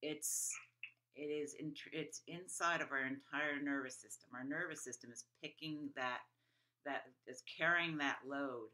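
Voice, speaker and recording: Bright-toned woman hosting an interview. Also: low voice, a little slow. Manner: reflective, with hesitations. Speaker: host. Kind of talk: conversational interview.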